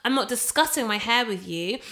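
A woman's voice: on the high side, lively intonation, a little fast, sharp tone. A woman co-hosting a podcast, speaking firmly and emphatically in casual chat. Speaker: podcast co-host.

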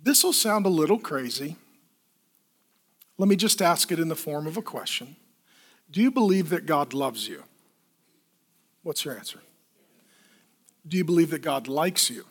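A man preaching a sermon as pastor, telling stories in an animated way, acting out voices and asking the congregation to answer back. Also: on the high side, moderate pace, long pauses, slightly rough. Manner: animated storytelling with acted kid voices, asks the congregation for responses.

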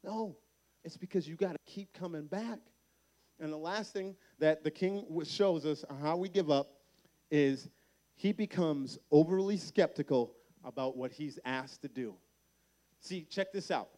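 A man preaching a lively youth sermon at a camp meeting, acting out voices in his stories. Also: fairly high pitch, a little slow. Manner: energetic preaching, acts out voices in quotes. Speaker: camp speaker.

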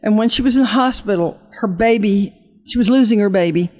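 A woman ministry leader with a mid-range, darkish voice shares an emotional testimony and leads an altar call. She speaks earnestly, with halting restarts and a fervent preaching cadence that slows for emphasis.

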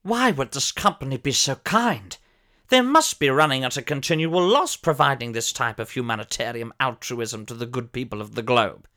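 A man's voice: mid-range voice, animated, normal speed, pushed and bright. A man voicing a pompous elderly former soap actor, telling a fussy, theatrical comic story. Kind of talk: comic character monologue.

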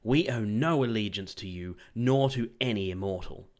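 A fierce, boastful king of wicked creatures, put on by a male reader, shouting his threats at full volume. He stays a touch low yet strains upward as his temper flares. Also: moderate pace, lightly acted. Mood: angry. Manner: loud, shouting defiance.

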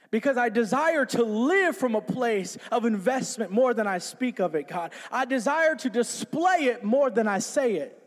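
A man preaching an energetic sermon in a small church, bouncing around and calling on the congregation to repeat after him. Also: extremely high pitch, normal speed, long reverb tail. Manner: energetic, jumping about; call-and-response with congregation. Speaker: pastor. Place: small church with few people.

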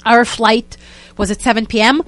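A young woman, a guest telling a story in a lively, casual way and acting out what people said. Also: fairly high pitch, moderate pace, no echo. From Israel. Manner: animated, acts out quotes in other voices, many "like" fillers.

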